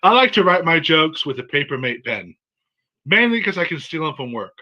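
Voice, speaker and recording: A man from San Diego doing a stand-up set, telling jokes and a story in a deadpan way. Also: a little high, fairly quick, dull audio. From San Diego, USA. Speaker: stand-up comic.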